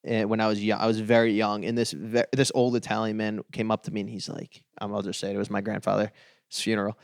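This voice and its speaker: A man's voice: lowish voice, level tone, fast talker, creaky, no echo, clean studio sound. A man guesting on a comedy podcast, telling stories bluntly and swearing freely. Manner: storytelling, blunt, profane. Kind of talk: casual comedy podcast chat.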